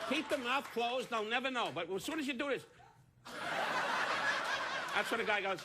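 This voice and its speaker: A man's voice: extremely high pitch, expressive, normal speed, heavy background noise. Brash insult-comic man in his eighties. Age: 80s. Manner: brash, needling, laughing at his own jokes. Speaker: talk show guest. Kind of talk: insult comedy banter. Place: TV studio. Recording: TV studio with loud audience laughter. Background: loud studio audience laughter.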